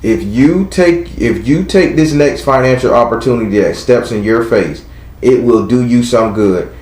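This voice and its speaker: A man's voice: mid-range voice, normal speed, a little mellow, echoey room, low-quality recording. A man with a Southern US accent giving a live tarot reading to a caller, blunt and chatty, talking aloud to spirits as he goes. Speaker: tarot reader.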